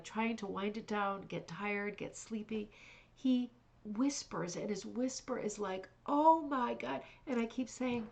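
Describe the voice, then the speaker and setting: A middle-aged woman hosts a rug hooking club livestream, chatting casually and gushing with praise, full of fillers and restarts. Her voice is medium-pitched and gravelly.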